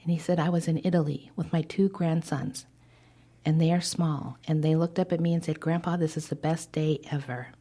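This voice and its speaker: A woman on a podcast as an intuitive advisor, telling stories with animated acted-out dialogue. Her voice sits on the low side. Now and then she drops to a hushed whisper for emphasis. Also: normal speed. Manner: animated storyteller who acts out quoted dialogue. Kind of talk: podcast interview storytelling.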